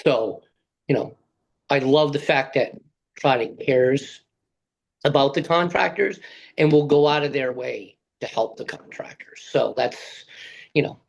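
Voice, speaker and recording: A man's voice: mid-range voice, unhurried, gravelly, low-quality recording. A man who works as a sales rep, answering interview questions in a thoughtful, hesitant way with many fillers. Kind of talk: casual interview talk.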